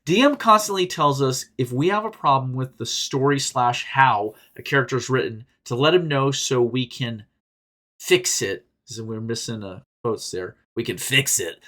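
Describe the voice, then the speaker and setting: A man's voice: medium pitch, normal speed. Rambling, swearing man hosting a podcast. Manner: candid and rambling, swears freely, laughs often; animated, jumps between loud bursts and quiet asides. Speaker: podcast host reading and answering reader stories. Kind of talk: casual commentary podcast.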